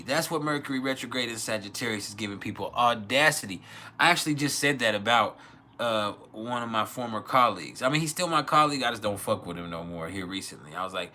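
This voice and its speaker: A man's voice: on the low side, lively intonation, fast talker, bright, forceful tone. Sleepy, swearing man on a livestream. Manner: sleepy, rambling, swears a lot, laughs often. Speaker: astrology livestream host. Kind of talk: casual livestream chat.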